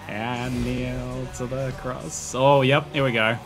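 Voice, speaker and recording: An Australian man narrating and commentating a strategy game he plays, excitable and laughing often, shouting battle orders at his troops. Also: mid-range voice. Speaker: gaming YouTuber. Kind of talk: let's play commentary and narration.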